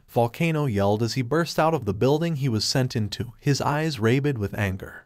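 Brief: male fanfic narrator, steady, mid pitch, dry. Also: normal speed, few pauses, no echo.

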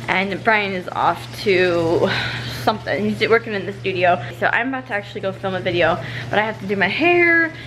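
A woman's voice: medium pitch, animated, fairly quick, music in the background. A young woman and stay-at-home mom chatting casually to camera at home, laughing often and saying "like" a lot. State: out of breath. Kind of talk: casual vlog chat. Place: home, indoors.

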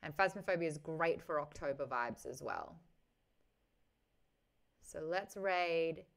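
A young woman with an Australian accent, hosting a book club livestream in chatty, offhand talk full of quick asides. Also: low-pitched, vocal fry. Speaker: host of a book club stream. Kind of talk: casual livestream chat.

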